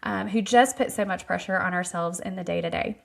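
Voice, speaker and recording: A woman's voice: lowish voice, a little fast, creaky. Earnest, self-deprecating woman host. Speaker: podcast host. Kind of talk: casual interview chat.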